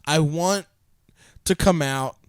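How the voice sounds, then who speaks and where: A young adult man co-hosting a podcast, excitable and profane, talking in big exaggerations. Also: on the high side, takes it slowly, smooth, no room sound, studio quality. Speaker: podcast co-host, comedian. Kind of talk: casual chat.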